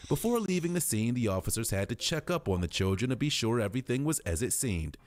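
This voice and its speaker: A man narrates a true-crime clip in a flat, scripted voice-over. His pitch rises and falls in a lively way as he tells the story. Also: fast, heavy background noise.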